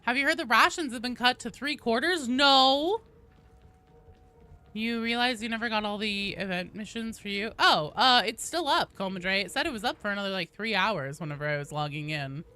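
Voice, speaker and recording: A woman game streamer chatting casually, greeting viewers one by one, her voice a bit gravelly from allergies. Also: medium pitch, expressive, brisk, few pauses, sharp tone, soft background music. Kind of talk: casual live-stream chat.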